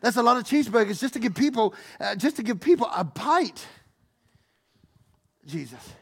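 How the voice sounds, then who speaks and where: A man preaching a sermon as pastor, animated, acting out Bible figures and joking with the congregation. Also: extremely high pitch, moderate pace, slightly rough. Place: church hall.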